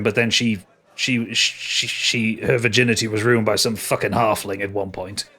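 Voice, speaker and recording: A man's voice: fairly low pitch, flat delivery, moderate pace, bright, forceful tone. A man narrating as game master for a tabletop game, often restarting his words and swearing casually.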